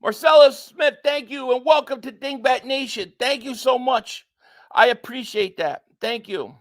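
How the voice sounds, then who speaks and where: He's streaming a live football reaction, calling out plays and reading what viewers type in chat. The voice is very high-pitched and unhurried, and his excitement shows as he repeats himself when worked up, bouncing between yelling at calls and flat frustration.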